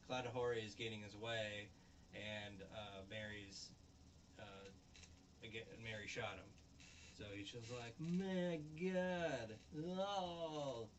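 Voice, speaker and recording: A man with a fairly low voice rambles through a recap of a show. He is loose and profane and acts out bits of dialogue. Faint hiss sits behind him. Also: level tone, measured pace, pauses often, fairly bright tone. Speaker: show reviewer and host.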